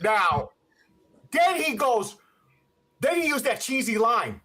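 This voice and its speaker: Podcast host, male, husky, animated pitch swings, profane heated rant delivery. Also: slow pace. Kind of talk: ranting movie review.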